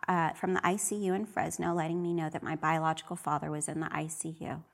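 A woman's voice: deep voice, flat delivery, fast, creaky. A middle-aged woman sharing her personal faith testimony in an earnest, emotional way. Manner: earnest and emotional, often re-voicing her own prayers.

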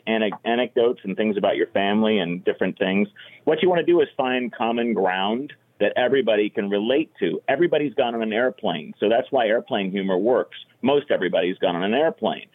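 A middle-aged stand-up earnestly explains his craft in a lowish voice. He leans on "you know" as he talks. The call sounds thin and phone-like. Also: fairly quick. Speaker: stand-up comic and voice impressionist. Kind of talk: casual podcast advice.

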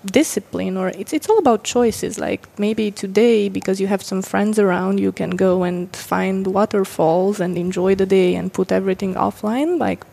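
A woman's voice: medium pitch, moderate pace, gravelly, hardly any pauses, mellow. A woman guest talking in casual chat, enthusiastic and full of "like" fillers. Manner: enthusiastic, uses many "like" fillers. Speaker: guest entrepreneur.

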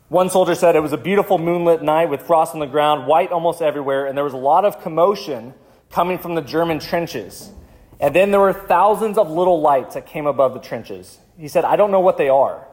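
A male pastor telling a vivid story in a sermon, slowing down for dramatic moments. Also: on the high side, darkish tone. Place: church.

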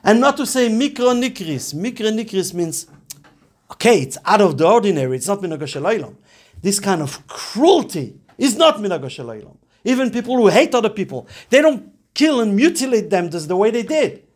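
A man with a high, light voice leads a Torah lesson, explaining a Talmud passage with earnest care. He drops Hebrew and Yiddish terms into his English as he goes. At times he pushes into urgent, emphatic exhortation. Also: big pitch swings, moderate pace. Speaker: rabbi teaching Talmud. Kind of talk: Torah class lecture.

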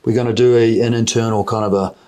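New Zealand man explaining, halting. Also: medium pitch, flat delivery, warm tone. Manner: halting, repeats words while explaining. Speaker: mining company executive. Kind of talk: conversational interview.

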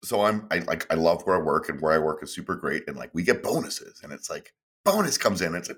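A man co-hosting a casual podcast, telling stories in a rambling, animated way with lots of fillers and laughs. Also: deep voice, fairly quick. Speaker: podcast co-host.

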